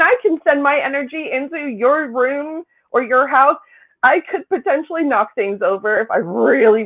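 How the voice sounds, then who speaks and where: A woman psychic co-hosting a casual chat, incredulous and rambling, quick to laugh. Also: high-pitched. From Britain. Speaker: psychic co-host. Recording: tinny phone-like line.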